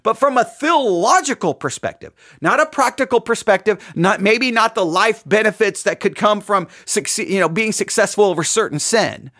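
A man's voice: high voice, animated, moderate pace, hardly any pauses, bright, forceful tone, no room sound, studio quality. A man hosting a live podcast, talking earnestly in a sermon-like monologue full of rhetorical questions. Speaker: podcast host. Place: podcast studio.

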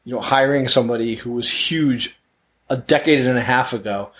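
A man's voice: mid-range voice, a little fast, fairly bright tone. A man co-hosting a casual horror movie podcast, blunt and profane, speaking with emphasis. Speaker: podcast co-host. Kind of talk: casual chat.

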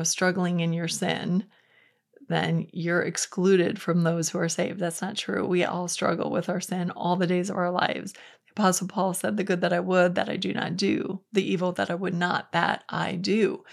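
A woman's voice: fairly low pitch, gravelly. A woman hosting a faith podcast, giving an earnest, conversational Bible teaching with quotes acted out. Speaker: podcast host.

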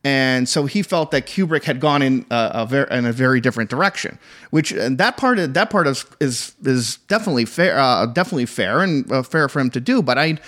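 A man in casual conversation about films, talking haltingly with many fillers and restarts. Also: medium pitch, expressive, fairly bright tone. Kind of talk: casual chat.

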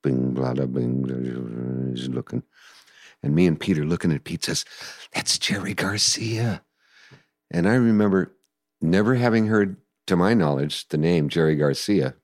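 An older man telling stories in a casual interview, animated and acting out voices and sounds. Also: rumbling low, normal speed, dry recording, studio quality. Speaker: guest musician recalling the past.

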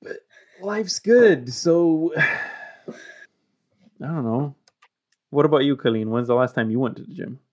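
A man's voice: medium pitch, measured pace, long pauses. A man in casual conversation, blunt and chatty, casually swearing and often restarting sentences. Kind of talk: casual chat.

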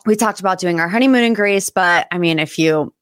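A woman in her thirties hosting a casual solo podcast, chatty and emotional, her voice jumping high when she gets excited. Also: fairly quick, clean tone, no room sound, clean studio sound. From United States. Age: 30s. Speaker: podcast host.

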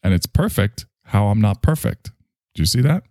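A man's voice: fairly low pitch, expressive, normal speed, a little mellow, no echo, clean studio sound. A man hosting a stream, talking in a rambling, self-reflective way and swearing freely. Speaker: stream host. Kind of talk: casual monologue to an online audience.

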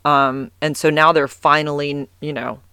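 A man's voice: fairly high pitch, level tone, unhurried, bright, forceful tone, smooth, no room sound, clean studio sound. A man talking candidly to camera in a casual monologue, rambling with fillers and restarts and swearing for emphasis when heated.

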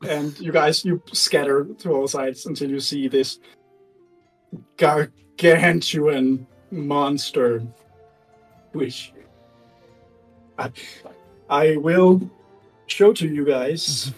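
A man runs a tabletop game as its game master, with an animated, laughing delivery broken up by fillers. His voice sits a little high and sounds husky. He takes his time, drawing out the big moments. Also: drawn-out words, pauses often, soft background music, rough recording.

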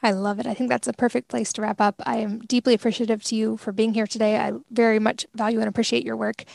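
A woman's voice: on the high side, level tone, fast talker, vocal fry, darkish tone, no echo. A woman hosting a podcast, enthusiastic as she thanks her guest and listeners. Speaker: podcast host. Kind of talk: podcast interview and outro. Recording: dry close mic with faint music.

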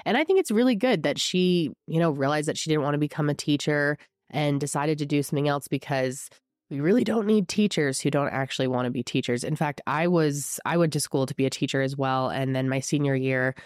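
Hoarse, congested woman hosting true crime. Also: low-pitched, brisk, darkish tone, dry recording, clean studio sound. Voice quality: scratchy. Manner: emphatic, indignant, chatty asides. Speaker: true crime show host. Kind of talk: true crime storytelling to camera.

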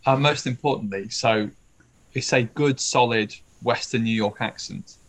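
A man's voice: mid-range voice, unhurried. A man hosting a podcast, asking questions with wry, dry humor. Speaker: podcast host. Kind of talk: casual podcast interview.

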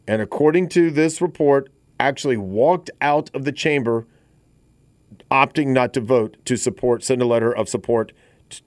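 A man's voice: mid-range voice, no room sound. A man in his fifties hosting a talk radio show, talking in a conversational, rambling way with frequent restarts. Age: 50s. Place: radio studio.

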